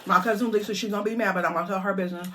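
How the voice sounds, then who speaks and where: A middle-aged woman vlogger telling a lively story to her viewers, chatty and animated. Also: mid-range voice, very fast, noisy background.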